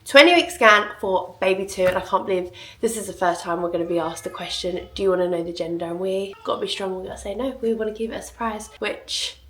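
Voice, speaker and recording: A woman's voice: medium pitch, fast talker, a bit bright. A young woman, a mum, chatting casually to camera in a vlog, self-deprecating and laughing often. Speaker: vlogger and mother. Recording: echoey room, faint background noise.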